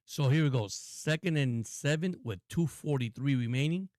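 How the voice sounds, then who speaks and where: A man hosting a live stream and calling football play-by-play in an excitable, repetitive way, often addressing viewers. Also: medium pitch, normal speed, no room sound. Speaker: host and play-by-play caller.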